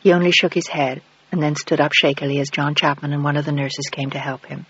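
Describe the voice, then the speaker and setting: A man narrating an audiobook in an even, measured reading. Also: a little high, husky, no room sound. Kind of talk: scripted narration. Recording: dull lo-fi dry recording.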